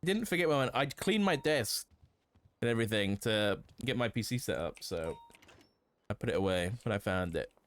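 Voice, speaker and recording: A man's voice: lowish voice, lively intonation, normal speed, a bit bright. A young man streaming a roleplay game, chatting casually, thinking aloud, swearing now and then and laughing. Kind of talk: casual gameplay chat.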